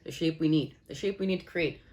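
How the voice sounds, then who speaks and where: A woman with a deep, slightly mellow voice is doing a channeled tarot and astrology reading with plenty of enthusiasm. She calls her viewers "guys," and her delivery is repetitive, restating the same lines in quick bursts.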